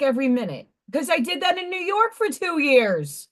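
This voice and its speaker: A woman in her forties speaks in a high voice that is hoarse and partly gone. She hosts a casual livestream and vents bluntly, swearing freely and sounding exasperated. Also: sing-song, normal speed, few pauses, fairly bright tone. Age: 40s. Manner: blunt, profane, exasperated venting. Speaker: livestream host. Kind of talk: casual venting livestream chat.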